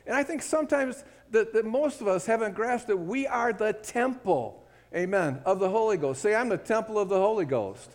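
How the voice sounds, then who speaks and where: A preacher delivers a sermon at normal speed, his high voice animated and emphatic as he calls for amens from the congregation. The hall around him has a long reverb.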